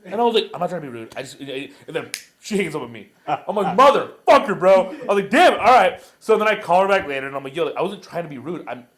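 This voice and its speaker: A young man co-hosting a casual podcast. He tells stories fast and swears freely, with a voice pitched a little high for a man. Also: animated. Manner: fast, profane storytelling. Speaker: podcast co-host. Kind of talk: casual chat.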